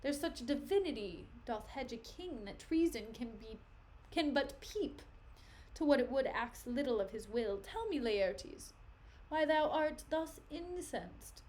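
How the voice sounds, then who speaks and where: A woman voicing a calm, commanding male king, read in a measured, regal way. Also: high-pitched.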